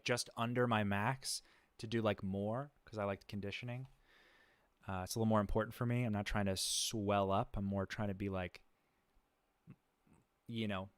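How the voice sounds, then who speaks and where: Laid-back guy on a livestream, kinda low voice, smooth, lots of ums and uhs, dry close sound. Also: dry recording. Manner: rambling, many fillers and restarts; laid-back, chuckles often. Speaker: livestream host. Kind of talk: casual livestream chat.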